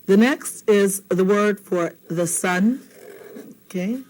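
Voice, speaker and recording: A woman from Hawaii with a Hawaiian accent leads a televised language lesson. She is patient and playful, repeating each word slowly and asking "okay?" often. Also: mid-range voice, darkish tone, rough recording. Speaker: language teacher.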